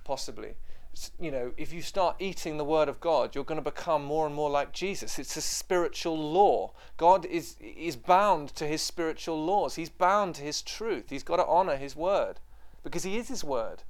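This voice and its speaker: Speaking at a moderate pace with lively intonation and hardly any pauses, a man whose voice sits on the high side preaches to a roomful of people. He's fervent and insistent, circling back to his points before falling into hushed prayer.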